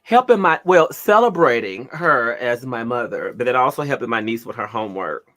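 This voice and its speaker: A man co-hosting a radio talk show, telling stories in an animated, theatrical way. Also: medium pitch, normal speed. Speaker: radio co-host. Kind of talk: casual storytelling chat.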